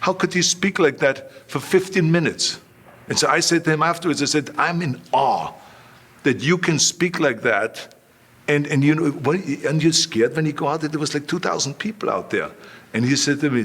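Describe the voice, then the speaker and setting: Austrian guy in his 60s spinning stories in an interview, acting out other people's lines, mid pitch. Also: moderate pace. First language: German. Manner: animated anecdotes with quoted voices. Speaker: guest. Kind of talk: storytelling interview.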